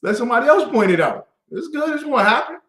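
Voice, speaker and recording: Animated high-voiced man teaching scripture. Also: quick pace, reverberant. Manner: lively, call-and-response, acts out quoted voices. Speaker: class teacher.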